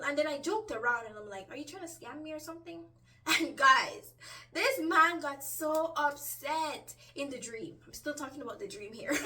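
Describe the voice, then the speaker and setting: A woman casually telling a personal story to her viewers, animated, full of fillers and restarts, acting out what people said. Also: fairly high pitch, far from the mic.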